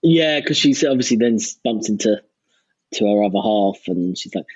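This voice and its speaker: A man's voice: fairly low pitch, expressive, moderate pace, darkish tone, breathy edge, dry recording. A man co-hosting a podcast in casual, rambling chat, hesitant and full of restarts. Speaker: podcast co-host. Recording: dry, slightly dull lo-fi recording.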